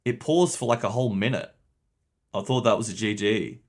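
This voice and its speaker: A man's voice: fairly low pitch, normal speed. A young man streaming a game, chatting casually with his viewers, swearing and laughing often. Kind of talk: casual livestream commentary.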